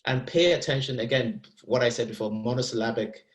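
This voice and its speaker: A man coaching actors through verse in a masterclass, animated and encouraging. He often repeats a word while searching for the next thought, and his voice sits at an ordinary middle pitch. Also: a little fast, poor audio. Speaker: acting teacher.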